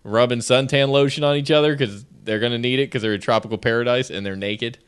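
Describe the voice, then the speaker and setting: A man's voice: medium pitch, fast, smooth. A man co-hosting a show, telling joking stories in casual chat. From United States. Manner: animated, joking storyteller. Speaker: podcast co-host.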